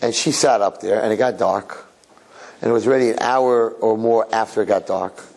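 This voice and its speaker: A rabbi telling a religious story to listeners in a conversational way, asking rhetorical questions and repeating phrases. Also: male voice, on the low side, moderate pace, creaky, a little mellow, rough recording. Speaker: rabbi giving a Torah talk.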